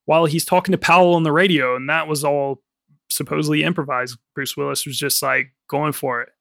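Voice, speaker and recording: A man co-hosting a film podcast in casual chat, rambling with lots of fillers and quick laughs. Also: fairly high pitch, steady tone, creaky, a bit bright, no echo, clean studio sound. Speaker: podcast co-host.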